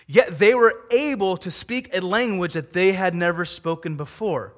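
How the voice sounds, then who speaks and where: A middle-aged male pastor delivers a sermon with a bright, forceful edge to his voice. He preaches in an animated way, with questions he answers himself. His voice sits a little higher than most men's and swings from loud, pushing peaks down to low, hushed asides. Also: moderate pace, hardly any pauses.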